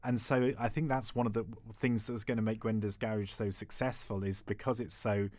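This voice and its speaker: A man's voice: lowish voice, fairly even intonation, brisk, darkish tone, no echo. A man with a southern English accent hosting a podcast, conversational and reflective, with an academic way of talking. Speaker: podcast host. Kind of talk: casual chat.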